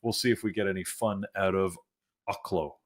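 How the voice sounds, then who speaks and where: A man's voice: sits low, fairly even intonation, quick pace. A man hosting a live trading show, talking through stock moves in a loose, thinking-aloud way with plenty of fillers. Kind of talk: live market commentary.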